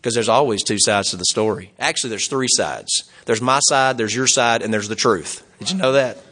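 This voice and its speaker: An older man preaching a sermon in a folksy, animated way, chuckling often and acting out the things people say. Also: mid-range voice, brisk.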